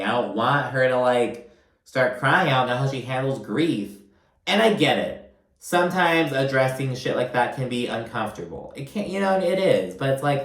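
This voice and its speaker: A man's voice: mid-range voice, a bit bright. A man hosting a casual reality TV recap, chatty and profane, quoting people in exaggerated voices. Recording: roomy echo.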